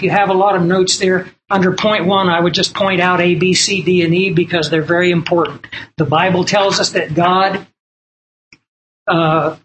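A man's voice: high-pitched, fairly bright tone, a little hiss or hum, poor audio. A man preaching a sermon from printed notes, earnest and emphatic, repeating key lines and telling stories.

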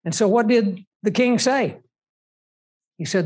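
A man's voice: sits high, a little slow, long pauses, a little mellow. A man preaching a sermon in an emphatic way, asking rhetorical questions.

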